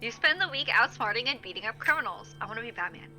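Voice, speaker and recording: A woman's voice: a little high, expressive, fast talker, sharp tone, faint music behind, low-quality recording. A woman reading game prompts in casual tabletop chat, blunt and joking.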